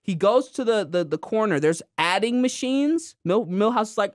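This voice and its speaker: A woman's voice: mid-range voice, animated, normal speed, dry recording, clean studio sound. A woman co-hosting a podcast, recapping a cartoon episode in casual chat and acting out character lines with put-on voices. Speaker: podcast co-host.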